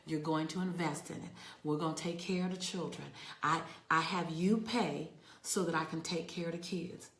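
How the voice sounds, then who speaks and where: A woman talking to viewers on a casual livestream from a rental room, emphatic and warm, sometimes dropping to soft near-whispers. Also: sits low, steady tone, moderate pace, roomy sound. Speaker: motivational speaker hosting a livestream.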